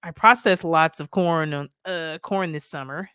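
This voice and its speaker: A woman from Detroit hosting a casual livestream, reading viewer comments aloud in a playful, animated way and laughing often. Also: deep voice, unhurried, clean tone, no echo, studio quality. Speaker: livestream host.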